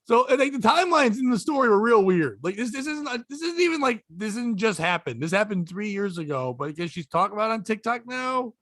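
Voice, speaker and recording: A man hosting a crude comedy podcast, talking in animated, profane asides. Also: high voice, fast, few pauses, dry recording, studio quality. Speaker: podcast host.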